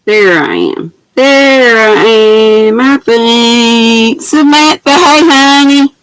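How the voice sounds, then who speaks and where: An older woman chats through a home livestream, calling out her viewers by name with sweethearts and honeys. She talks at an unhurried, drawn-out pace, and her laptop mic sounds dry and close with no room around it. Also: fairly high pitch, expressive, a bit bright, clear, resonant tone, no room sound, poor audio. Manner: chatty, greets viewers by name with pet names, laughs often. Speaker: craft livestream host. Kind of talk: casual livestream chat. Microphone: laptop built-in mic.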